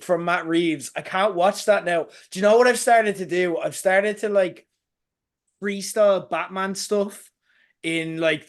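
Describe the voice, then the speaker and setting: A man hosting a casual film podcast, excitable, swearing and laughing often. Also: sits high. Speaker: podcast host.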